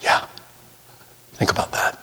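A man's voice: measured pace, pushed and bright. A man preaching a sermon with emphasis, slipping into mocking imitations of sinners. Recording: long hall reverb.

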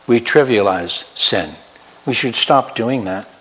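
Pastor preaching in a reverberant hall. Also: male voice, slow pace. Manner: wide swings from loud emphatic highs to quiet low asides. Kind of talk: sermon.

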